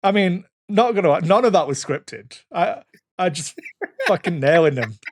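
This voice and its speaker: A man's voice: high voice, expressive, moderate pace, no room sound, clean studio sound. A man in his thirties co-hosting a podcast, telling rambling stories and swearing freely in casual chat. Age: 30s. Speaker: podcast co-host.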